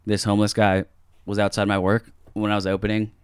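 A young man in his twenties telling a story in casual chat, swearing a lot and acting out other people's voices loudly. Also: on the low side, completely flat delivery, a little fast, clean tone.

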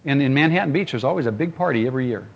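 A man's voice: mid-range voice, expressive, rapid-fire, gravelly, muffled recording. A man preaching to a congregation, telling a personal story with humor and speaking straight to his listeners. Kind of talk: storytelling sermon.

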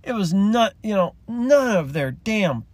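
Man, solo rant host, raw and rambling, fights back tears, slightly high voice, dry close mic. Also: very animated, measured pace, a little mellow, dry recording. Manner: impassioned, rambling, swears, chokes up and tearful. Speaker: podcast host.

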